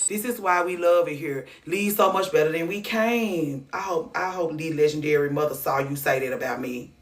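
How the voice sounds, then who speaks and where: Livestream host, woman, from Atlanta, mid-pitched, blunt and rambling, sitting back from the mic. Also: a bit bright, distant mic. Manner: candid, profane, rambling with frequent restarts. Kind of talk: casual livestream chat reacting to clips and comments.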